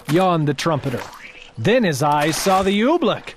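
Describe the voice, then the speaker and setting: Animated woman reading a storybook. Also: mid-range voice, measured pace, background noise. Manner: expressive, animated narration. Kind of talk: storybook read-aloud.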